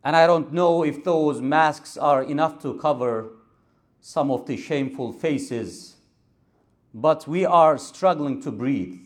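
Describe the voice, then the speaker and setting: An imam giving a Friday sermon from a mosque pulpit, with a repetitive rhetorical cadence and Arabic recitation. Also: male voice, a little high, slow pace.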